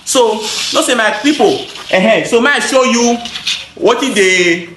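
A man's voice: very high voice, a little slow, echoey room, background noise. A man with a Nigerian accent, a gutter installer and seller, casually explaining his products to the camera in an emphatic, repetitive way. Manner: emphatic, repeats phrases, switches into pidgin.

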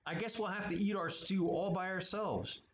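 A man voicing an eager little girl witch in a high, chirpy put-on voice for a storybook reading. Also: normal speed, natural voice. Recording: echoey room, muffled, faint hiss.

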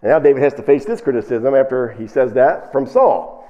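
A man preaching a sermon, lively and animated, who acts out the people in the story in raised voices as he reads and explains scripture. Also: mid-range voice, brisk, lo-fi sound. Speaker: pastor.

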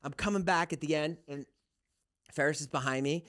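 A middle-aged man co-hosting a podcast, telling a profane story in an animated way and acting out voices. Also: a little high, a little fast. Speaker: podcast co-host. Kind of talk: casual storytelling chat.

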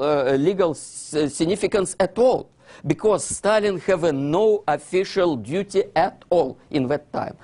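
A husky-voiced man with a Russian accent delivers a lecture, his pitch swinging widely as he acts out exchanges. He speaks English as a second language, dropping articles, and keeps checking in with his listeners. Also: darkish tone. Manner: non-native grammar, drops articles; acts out dialogues between historical figures. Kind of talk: animated lecture.

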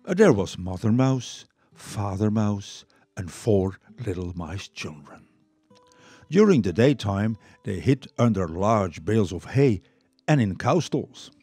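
An older man whose first language is Dutch, reading a children's story aloud to listeners in an expressive way. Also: on the low side, slow, slightly rough, no room sound, faint music behind. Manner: lively, expressive, warm read-aloud.

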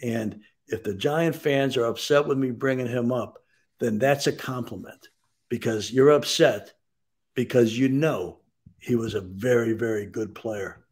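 An older man speaking as a guest on a sports radio interview, recounting things in a steady, measured way. His talk is full of "um" and "you know" as he works through his stories, at an ordinary middle pitch. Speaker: baseball executive guest.

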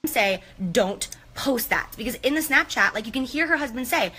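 A woman's voice: a little high, lively intonation, normal speed, heavy background noise. A woman in an apology clip, rambling and flustered, repeating herself as she talks outdoors. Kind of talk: emotional apology video.

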